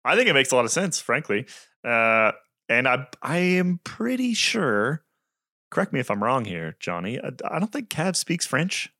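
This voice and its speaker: A man co-hosts a casual cycling chat with a bright, forward tone. His pitch swings widely and he laughs lightly as he makes his points. The recording is close and dry. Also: big pitch swings, normal speed, no room sound. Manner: upbeat, chuckles through his points. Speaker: podcast co-host.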